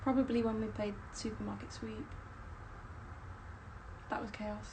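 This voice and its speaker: A woman's voice: mid-range voice, flat delivery, unhurried, noisy background. A young woman, a stage performer, rambling chattily with lots of fillers on a casual live stream.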